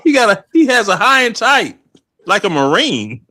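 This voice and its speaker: A man's voice: sits high, very animated, moderate pace, sharp tone. A man who is a veteran co-host on a live stream, arguing in casual chat and stammering and repeating words when he gets worked up.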